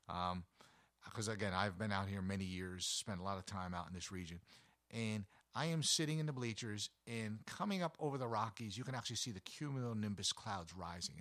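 A man's voice: fairly low pitch, fairly bright tone, dry recording. A man telling casual travel stories in a rambling, anecdotal way, with many fillers and restarts. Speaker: travel vlogger.

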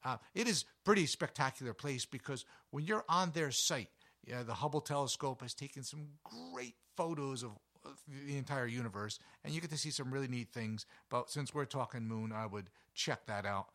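Guy hosting a science talk show, bright punchy voice, goofy teacher vibe, keeps asking the listener questions. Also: mid-range voice, normal speed. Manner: jokey, self-correcting, lively teacher tone; asks the listener rhetorical questions. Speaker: host of an educational podcast. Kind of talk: casual educational talk.

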